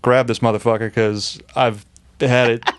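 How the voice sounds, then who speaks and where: A man, sitting as a guest on a podcast, spins a rowdy tale in loose, profane chat. He laughs through his own story and pitches his voice up whenever he quotes someone. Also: flat delivery, normal speed, clear, resonant tone. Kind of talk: casual storytelling.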